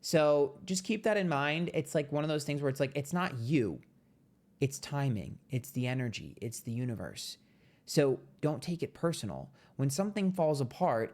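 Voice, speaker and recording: Cussing, playful man reading tarot. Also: moderate pace. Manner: blunt, profane and playful; chatty, lively with sudden jumps in pitch. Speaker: tarot reader. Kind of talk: casual monthly tarot reading.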